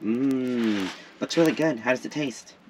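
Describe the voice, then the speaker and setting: A man's voice: medium pitch, measured pace, background noise. A man chatting cheerfully through a casual gardening vlog outdoors at a camp, cooing at his pets. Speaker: vlogger.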